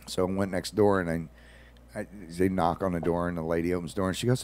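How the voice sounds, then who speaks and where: A man's voice: sits low, fairly even intonation, moderate pace, pauses often, darkish tone. A man, a regular on a radio show, telling rambling stories in casual talk with folksy asides.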